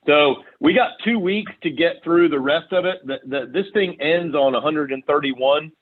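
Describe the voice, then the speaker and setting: A man's voice: on the high side, normal speed. Man on a tinny call line. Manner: animated storytelling with quoted dialogue. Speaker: sales team leader. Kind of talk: team call, casual meeting talk. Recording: tinny phone-line audio.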